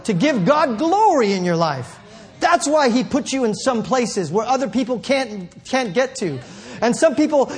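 Telling a story mid-sermon, a male preacher rambles and corrects himself as he builds toward shouting. His voice is extremely high-pitched with a breathy edge.

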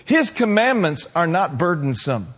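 A man preaching a sermon to his congregation, building to shouted passages and calling for responses. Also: a little high, big pitch swings, a little slow, breathy edge. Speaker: pastor.

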